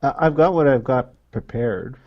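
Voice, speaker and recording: A man playing a tabletop game who thinks aloud in halting bits as he works through spells. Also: medium pitch, lo-fi sound. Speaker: player. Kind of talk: casual tabletop game chat.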